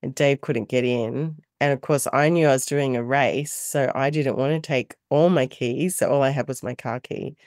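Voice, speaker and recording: A middle-aged Australian woman, a mother and carer, telling animated stories in a casual interview and laughing often. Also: very deep voice, normal speed, hardly any pauses, no echo, clean studio sound.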